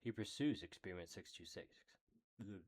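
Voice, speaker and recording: A man's voice: low-pitched, animated, a little mellow. A man casually reading a character book aloud, often stumbling over words, correcting himself and apologizing. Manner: slow, halting reading. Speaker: hobby reader of a character book. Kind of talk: casual read-aloud with asides.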